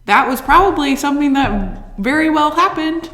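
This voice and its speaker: A young woman with a somewhat high voice argues her case in a light, playful way. Her voice rings with a long reverb. She sounds like a guest holding her ground in a friendly debate. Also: animated, normal speed, fairly bright tone. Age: 20s. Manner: playful, defends her view. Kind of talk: casual movie chat. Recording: echoey room with long reverb.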